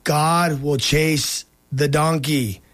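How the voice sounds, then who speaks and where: A man's voice: on the high side, fairly even intonation, very slow, a bit bright, no echo. A man hosting a talk show, a pastor who reacts eagerly to his guest and wraps up with a short preachy message. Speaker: host and pastor. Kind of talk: casual talk show chat.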